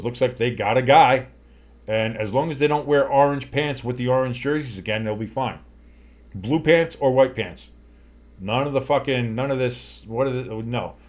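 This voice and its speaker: Tired casual male play-by-play streamer. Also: mid-range voice. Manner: swearing, chatty, erupts into shouts on big plays. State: tired and yawning. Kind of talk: casual live play-by-play commentary.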